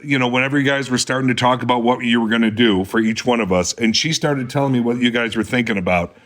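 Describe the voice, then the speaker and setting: A middle-aged man, an actor guest on a podcast, talking casually and telling stories. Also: medium pitch. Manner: storytelling, animated in anecdotes. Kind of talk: casual chat.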